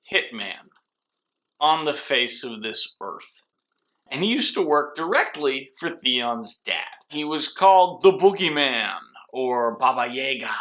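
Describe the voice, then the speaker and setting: A man's voice: on the high side, dull audio. A drunk man rambling through a comedic movie recap, with lots of restarts and fillers. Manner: rambling, slurring storyteller with restarts.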